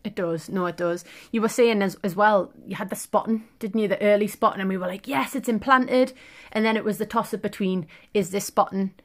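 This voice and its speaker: A woman's voice: medium pitch, steady tone, fairly quick, hardly any pauses. A woman from England chatting as a podcast co-host, teasing her partner and telling stories. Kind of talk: casual chat.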